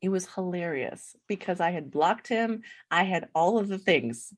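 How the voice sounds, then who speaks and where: A woman's voice: fairly low pitch, expressive, unhurried. A middle-aged woman, a podcast guest, telling her story in casual conversation, acting out quoted dialogue and laughing often.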